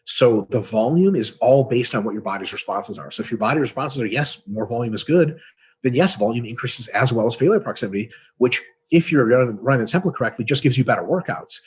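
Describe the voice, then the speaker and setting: A man's voice: medium pitch, lively intonation, brisk, darkish tone, breathy edge. A man co-hosting a casual webinar, answering training questions in a blunt, profane, explanatory way. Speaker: co-host answering fitness questions.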